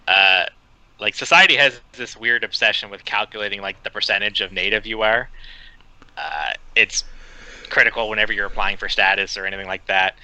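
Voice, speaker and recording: A man co-hosting a film podcast, reading out his notes in a profane, deadpan way. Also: fairly low pitch, fairly quick, no room sound, rough recording. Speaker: podcast co-host reviewing a film.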